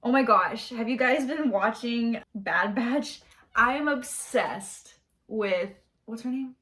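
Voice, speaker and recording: A young woman talks to the camera in her bedroom while doing her makeup for a get-ready-with-me chat. She is high-energy and chatty and drops casual slang. Her voice sits a little high for a woman. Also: slow, a bit bright. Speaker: beauty vlogger.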